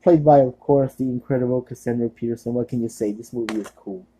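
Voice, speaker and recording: Laid-back male vlogger with a deep, dark tone, offhand and rambling through his picks. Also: quick pace, slight background noise, low-quality recording. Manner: rambling, many fillers and restarts. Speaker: horror movie reviewer. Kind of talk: casual movie recommendation vlog.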